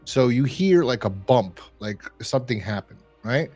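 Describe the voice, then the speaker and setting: A man's voice: mid-range voice, lively intonation, a little slow, a little mellow, husky, soft background music. A man hosting a review podcast, chatting casually and rambling with lots of fillers. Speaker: podcast host reviewing a horror episode. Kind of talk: casual chat.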